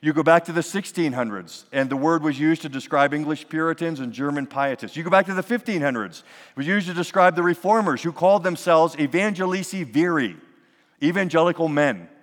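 A male pastor preaching a sermon in a church, animated and building to emphatic peaks. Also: fairly high pitch, fairly quick, big-room sound. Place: church sanctuary.

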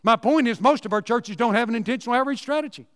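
A man tells church stories in a folksy, repetitive way, his voice pitched high. The sound carries a long reverb, as if from a church hall. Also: quick pace, a bit bright. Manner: folksy storytelling, repeats words, rising emphatic asides. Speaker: Sunday school teacher and speaker. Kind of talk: folksy Southern Baptist teaching talk.

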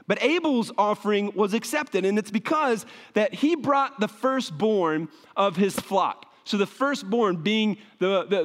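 A man's voice: sits high, in a large hall. A man preaching a conversational sermon as a pastor, often tagging his points with "right?".

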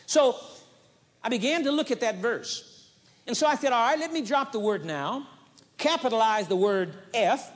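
A man preaching a sermon with emphasis, driving points home by repeating short phrases. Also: extremely high pitch. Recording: long hall reverb, 1980s audio tape.

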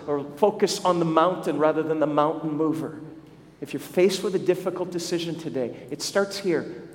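A man preaching a sermon to his congregation, asking them questions and telling a story to make his point. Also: fairly high pitch. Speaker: pastor. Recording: echoey hall with long reverb.

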